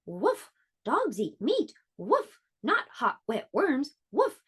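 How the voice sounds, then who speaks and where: A woman's voice: high-pitched, huge pitch swings, takes it slowly, voice pushed up, full character voice. A woman voicing a fussy male dog who barks and grumbles about his food. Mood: grumbling. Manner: barking and grumbling.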